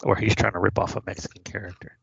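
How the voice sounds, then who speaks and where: Male podcast co-host, very deep, husky voice, dry and unhurried. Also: flat delivery, a bit bright, no echo, dull audio. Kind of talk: casual chat.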